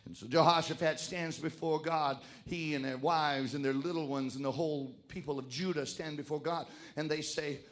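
A man preaching a sermon, emphatic and exhorting, swinging between shouted lines and hushed asides. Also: a little high, fairly even intonation, moderate pace, few pauses.

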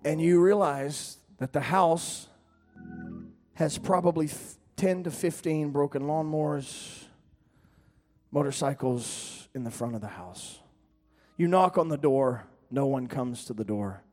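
Middle-aged pastor, lively storytelling sermon, slightly high voice, faint music bed. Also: male voice, a little slow. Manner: animated storyteller, sudden loud peaks and laughter.

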